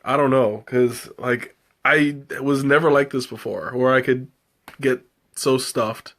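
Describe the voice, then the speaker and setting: A man's voice: medium pitch, steady tone, unhurried, fairly bright tone. A man hosting a live tea tasting, chatting casually and rambling with many fillers and restarts. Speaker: livestream host tasting tea.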